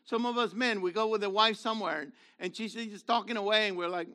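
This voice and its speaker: A man in his seventies with a worn, gravelly voice, preaching a fiery sermon that swings from low murmurs to shouts. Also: fast talker. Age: 70s. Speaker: messianic rabbi.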